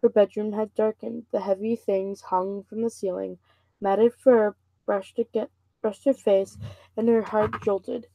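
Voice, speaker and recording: A woman's voice: medium pitch, steady tone, a little slow, gravelly, warm tone, no room sound, low-quality recording. A woman casually reading a novel aloud, stumbling and restarting over words now and then. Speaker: reader and channel host.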